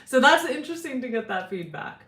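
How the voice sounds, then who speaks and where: A woman's voice: sits high, very animated, brisk, fairly bright tone. Casting note: a chatty woman vlogger, rambling and friendly with her viewers, in a roomy space. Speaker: singer and YouTuber hosting a livestream. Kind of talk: casual livestream chat.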